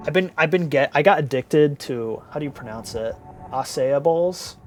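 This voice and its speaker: A man's voice: on the high side, animated, fairly quick, faint music behind. A tired young man streaming live, chatting casually with viewers in a rambling, giggly way and playfully repeating words.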